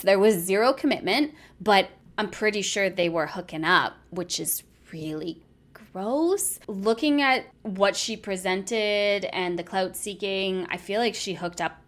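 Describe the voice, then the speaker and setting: A woman talking through an influencer drama in a critical, sarcastic, conversational way. Her voice sits at an ordinary middle pitch, and she sounds like she is speaking straight to her viewers. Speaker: commentary YouTuber. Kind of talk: opinionated commentary.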